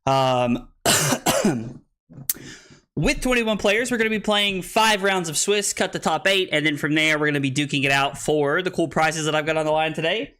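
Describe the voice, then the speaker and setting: Young male streamer, slightly high voice, winded and pumped, chatty and rambling. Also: moderate pace. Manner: excitable, rambling with many "like" fillers. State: out of breath. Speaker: streamer hosting an online card tournament. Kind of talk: casual live-stream chat.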